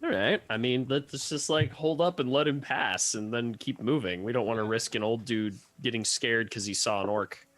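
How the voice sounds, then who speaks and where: A man's voice: medium pitch, moderate pace, hardly any pauses, fairly bright tone. A man playing a tabletop game with friends, easygoing and wry. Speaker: player. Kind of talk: casual play with friends.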